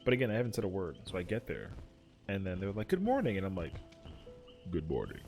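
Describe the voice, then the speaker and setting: A young man chats while he plays a game, his talk loose and wandering and thick with "like". His voice sits a little low. Soft music plays faintly under him. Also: fast. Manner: rambling, full of "like" fillers. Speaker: streamer. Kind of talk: casual chat while gaming.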